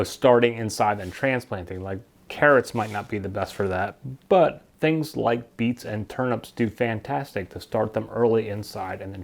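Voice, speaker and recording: A man's voice: fairly low pitch, vocal fry, a little mellow. A man casually talking to camera about his seeds, rambling and stumbling over plant names he can't pronounce. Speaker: gardening vlogger. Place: basement at home.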